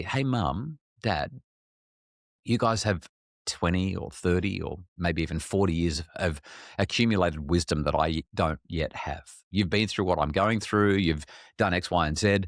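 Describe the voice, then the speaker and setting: A middle-aged Australian man, a parenting expert, speaks candidly in a podcast interview, frank and self-deprecating, with frequent restarts. His voice sits low, and the clean studio recording has no echo.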